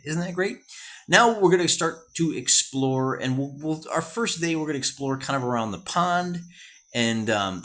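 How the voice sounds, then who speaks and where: A man's voice: medium pitch, a bit bright. An American man hosting a solo wargame session, chatting casually and thinking aloud as he works out sums and rolls dice.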